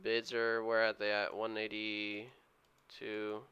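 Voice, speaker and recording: A man's voice: on the low side, monotone, slow pace, bright, forceful tone, smooth, highs cut off. A man streaming his day trading live, giving a running play-by-play and urging the price moves on to his viewers. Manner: eager, urges price moves on.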